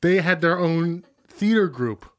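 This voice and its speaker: A young man in casual podcast chat, rambling and crude with deadpan dark humor. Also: on the high side, a little slow, dry recording, clean studio sound.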